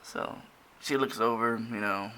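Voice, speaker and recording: A man's voice: on the low side, steady tone, a little slow, sharp tone, slight background noise. A man casually walking through pages of his own comic, rambling with many restarts and fillers. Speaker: comic creator.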